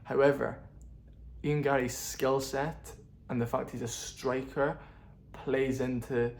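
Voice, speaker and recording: A man's voice: medium pitch, flat delivery, slow pace, a little hiss or hum. A man talking casually to camera as a fight-sports YouTuber, opinionated and chatty, often thinking aloud. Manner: chatty, opinionated, laughs at his own jokes. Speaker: MMA commentary YouTuber. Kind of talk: casual vlog commentary.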